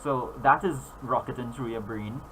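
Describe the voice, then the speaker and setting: A man's voice: medium pitch, moderate pace, a bit bright, a little hiss or hum, low-quality recording. A man narrating as game master, rambling with frequent fillers and restarts.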